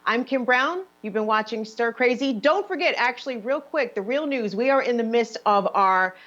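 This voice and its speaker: A woman's voice: fairly high pitch, expressive, normal speed, a bit bright, muffled recording. Playful woman hosting a panel show. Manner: playful, teasing. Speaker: show host.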